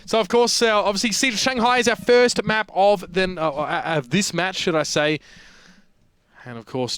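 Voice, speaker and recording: A man's voice: mid-range voice, fairly bright tone, clear, resonant tone. A man with an Australian accent giving chatty live play-by-play commentary on a competitive video game match. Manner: fast, chatty play-by-play with fillers. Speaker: esports caster.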